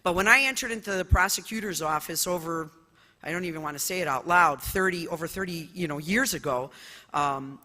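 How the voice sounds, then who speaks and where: A middle-aged woman judge from the United States, telling personal stories at a conference in an expressive, loud way with many fillers. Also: lowish voice, fairly quick. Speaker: judge giving a conference talk. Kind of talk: conference speech, personal storytelling. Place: large conference hall. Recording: echoey conference hall.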